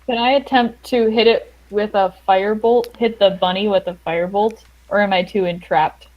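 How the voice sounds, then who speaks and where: A woman's voice: medium pitch, fairly even intonation, moderate pace, muffled recording. Tentative woman playing a tabletop game. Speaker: player.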